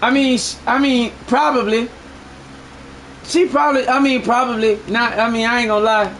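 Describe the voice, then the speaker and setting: A man live-streaming a game, bantering loudly with friends in profane slang. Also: extremely high pitch, steady tone, moderate pace, a little hiss or hum.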